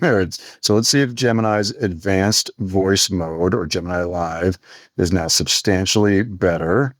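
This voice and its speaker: Low-voiced chatty male podcast host. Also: a little slow, dry recording, studio quality. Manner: chatty, laughs often. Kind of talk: casual chat.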